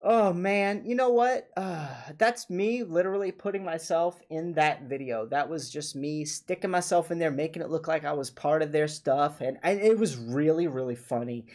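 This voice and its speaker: A man's voice: on the high side, moderate pace, few pauses, darkish tone. A man hosting a livestream, chatting casually and playfully, often laughing. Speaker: livestream host.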